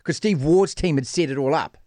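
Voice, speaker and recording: A man hosting casual sports banter, quick and teasing. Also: on the high side, dark tone, no echo, clean studio sound. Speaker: radio sports host.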